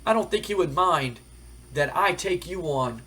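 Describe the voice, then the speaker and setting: A man's voice: on the high side, lively intonation, measured pace, bright, forceful tone, slight background noise, pitched above the performer's own voice. Man playing an eager young wrestler. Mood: challenging.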